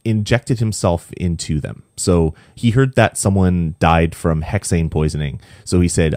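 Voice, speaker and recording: A man's voice: low-pitched, a little slow, few pauses, a little mellow, dry recording, studio quality. A young man hosting a casual gaming podcast, chatty and rambling, laughing easily. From Canada. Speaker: podcast host.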